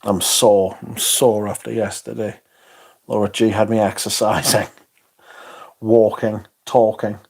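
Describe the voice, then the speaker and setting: Chuckling frequently and swearing once in a while, a man hosts a livestream and rambles casually through the comments from his viewers. He speaks slowly in a low-ish, husky, creaky voice with a darkish tone and little pitch movement.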